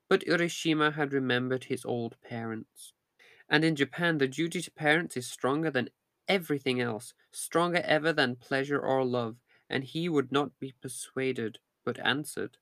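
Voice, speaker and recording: A man narrating a fairy tale in a steady, measured reading voice. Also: medium pitch, dry recording, clean studio sound. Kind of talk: storybook reading.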